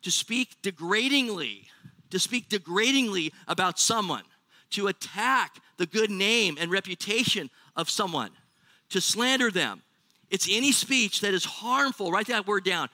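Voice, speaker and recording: American male pastor, jokey and questioning with the crowd, high bright voice. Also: dry recording. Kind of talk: sermon. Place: church.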